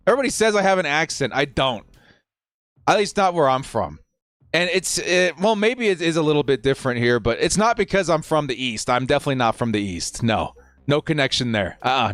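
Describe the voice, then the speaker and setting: A man's voice: medium pitch, a bit bright, dry recording. A young man casually chatting with his viewers while hosting a live football watch-party stream, answering their questions in a laid-back way.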